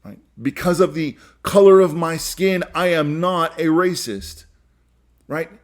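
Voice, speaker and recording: A man's voice: fairly high pitch, unhurried. A man hosting a solo podcast, talking earnestly and emphatically, repeating key phrases and restarting sentences. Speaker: podcast host.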